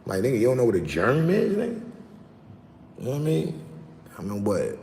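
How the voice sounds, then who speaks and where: A man's voice: mid-range voice, huge pitch swings, brisk, gravelly, dark tone. A man from New York with a New York accent, casually chatting on a livestream in loose street slang and reading out viewer comments. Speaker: livestream host. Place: outdoors in the city, rain starting. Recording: roomy echo with long reverb, faint background noise.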